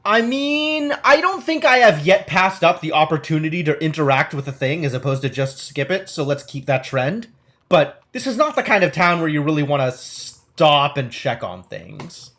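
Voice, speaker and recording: A man's voice: a little high, moderate pace. A man streaming a game live, chatting to viewers, scolding the game and reading its story text aloud. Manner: chatty, talks back to the game and chat, animated.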